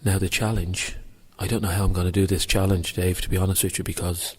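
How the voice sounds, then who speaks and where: A man with a low, husky voice reports into a radio show over the phone from a hushed church. He talks casually and hesitantly, trips over his words and makes fun of himself as he goes. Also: flat delivery, quick pace. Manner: hesitant, self-mocking, fumbling his words. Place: quiet church.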